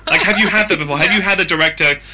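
A man's voice: sits high, rapid-fire, heavy background noise. A man hosting an interview, rambling casually as he searches for words, with many fillers.

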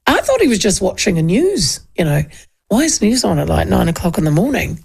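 Chatty woman radio host, gravelly voice. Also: medium pitch, big pitch swings, a little fast, a little mellow. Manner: chatty storytelling, acts out quoted voices. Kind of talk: casual radio chat.

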